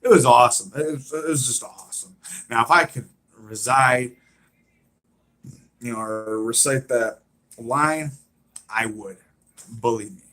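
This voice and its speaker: A man hosting a casual live stream, talking slowly and rambling through a story with plenty of fillers. His voice is bright and forward. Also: medium pitch. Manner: rambling, retells scenes with many fillers.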